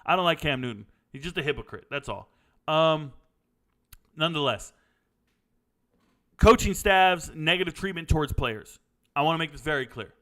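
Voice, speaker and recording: Man, middle-aged, bright tone, slightly high pitch, blunt, opinionated, casual chat. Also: animated, moderate pace, pauses often. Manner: blunt, opinionated, drifts into stories. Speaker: sports commentary host answering viewer questions.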